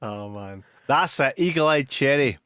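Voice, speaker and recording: A man's voice: mid-range voice, expressive, unhurried, fairly bright tone, clean tone, no echo, studio quality. Laughing, rambling Scottish man. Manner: laughs a lot, rambling storyteller. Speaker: podcast co-host. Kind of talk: casual chat.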